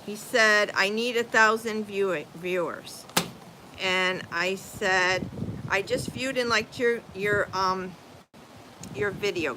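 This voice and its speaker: A woman's voice: fairly high pitch, sharp tone, slight background noise, low-quality recording. An older woman chatting casually outdoors as a channel host, reading viewer comments aloud and spelling names out letter by letter. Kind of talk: casual live-stream chat. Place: outdoors, rain and breeze.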